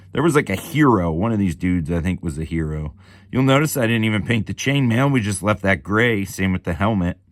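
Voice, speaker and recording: A man's voice: low voice, dry recording, clean studio sound. A man in his forties giving a casual, chatty show-and-tell from his home hobby room, laid-back and swearing freely. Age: 40s. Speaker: miniature hobby channel host.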